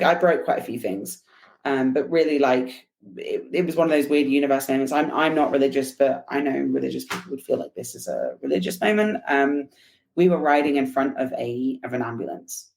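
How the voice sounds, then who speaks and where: A woman guest on a podcast, telling a personal story in an animated, chatty way with laughs and fillers. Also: a bass voice, normal speed, vocal fry. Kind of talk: casual storytelling interview.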